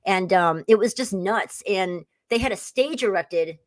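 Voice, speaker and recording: In an unhurried, mid-range voice, this forties-aged woman guest chats casually and spins meandering stories. She laughs as she talks and uses plenty of filler words. The audio has no echo.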